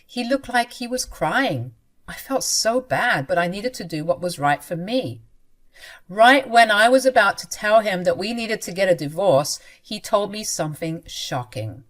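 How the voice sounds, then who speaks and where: Woman telling her own story, mid pitch, earnest and expressive. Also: measured pace. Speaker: narrator. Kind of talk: first-person story narration.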